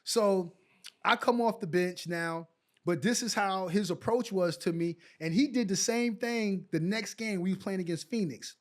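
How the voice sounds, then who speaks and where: Guesting on a casual interview, this middle-aged ex-pro basketball player shares animated stories and acts out the dialogue he recalls. His voice sits high, and his speed is normal.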